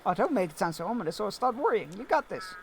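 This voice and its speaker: A man voicing a gentle, caring wife and mother in a game, with a soft, lifted, reassuring voice. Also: sits high, sing-song, fast talker, slight background noise.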